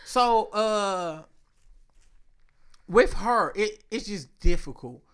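Animated, profane male podcast co-host. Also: sits high, drawn-out words, smooth. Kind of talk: casual chat.

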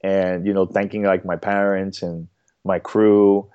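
Podcast guest: man with a lowish voice, stop-start and chatty, on dull, dry audio. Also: little pitch movement, smooth, no room sound. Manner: halting, repeats words, many fillers. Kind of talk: casual interview chat.

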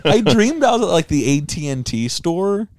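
Rambling, animated male podcast co-host. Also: high-pitched, normal speed. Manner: rambling storyteller, laughs mid-sentence. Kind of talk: casual comedic podcast banter.

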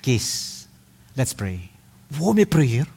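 A middle-aged man with a Filipino accent preaching a lively sermon. He switches between Tagalog and English and acts out spanking sounds and a child's replies. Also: medium pitch, slow pace, husky. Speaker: pastor.

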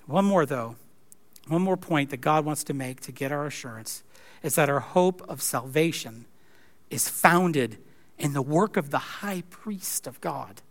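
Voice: mid-range voice, animated, a little slow. A pastor preaching a sermon in a conversational way, with wry asides.

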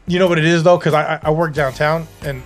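Laid-back higher-voiced man, faint music. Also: steady tone, quick pace. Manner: laid-back, sympathetic, asks questions. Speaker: podcast co-host. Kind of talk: casual chat.

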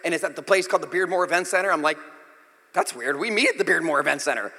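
A male pastor with a fairly high, very bright and ringing voice tells a story with big dramatic energy. He acts out each exchange as he goes. His words carry a long reverb through the hall. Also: quick pace. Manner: animated, dramatic storytelling with acted-out dialogue. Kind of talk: storytelling sermon.

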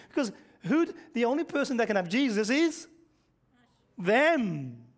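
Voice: high-pitched, very animated, moderate pace. A preacher giving a conversational sermon, asking the congregation questions and chuckling mid-sentence. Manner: conversational, quizzes the congregation, frequent rhetorical questions.

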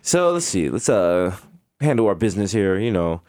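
Lively-pitched male podcast co-host. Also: normal speed. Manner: joking, lively storytelling. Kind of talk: casual banter.

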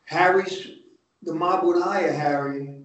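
Heard over muffled, echoey remote audio that sounds distant, an older New Jersey man from the north of the state shares stories from his days as an undercover agent. His voice is high and fairly bright, and he talks slowly. He's blunt, heavily profane and streetwise in this casual interview.

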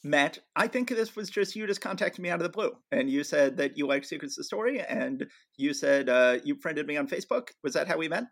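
A man's voice: on the high side, animated, a little fast, vocal fry, few pauses. A man from Atlanta hosting a podcast, talking in a casual, upbeat and welcoming way. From Atlanta, Georgia. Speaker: podcast host.

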